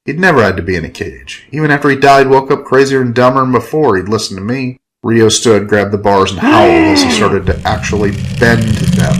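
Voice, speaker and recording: A man with a fairly low voice reads a gritty first-person story aloud. His telling is hard-boiled and wry, with plenty of swearing. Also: sing-song, brisk, few pauses, low-quality recording. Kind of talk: first-person scripted narration.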